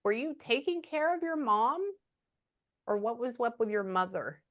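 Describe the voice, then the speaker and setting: A woman giving a psychic reading over a video call, halting often with quiet murmured asides. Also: on the high side, lively intonation. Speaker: psychic medium.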